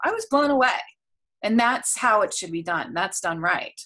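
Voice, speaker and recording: A woman's voice: mid-range voice, lively intonation, normal speed, pushed and bright. A woman co-hosting a podcast in casual chat, telling stories candidly and with animation. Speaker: podcast co-host.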